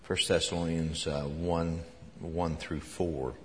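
A man's voice: low voice, level tone, slow pace, long reverb tail, slight background noise. A man preaching a sermon to his congregation, talking conversationally with fillers and restarts. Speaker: pastor. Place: church sanctuary.

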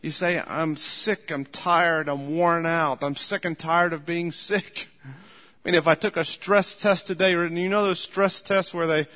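A man's voice: fairly high pitch, steady tone, a little slow, pushed and bright. A man preaching a sermon, telling folksy stories, repeating his points and chuckling as he speaks. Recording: long hall reverb.

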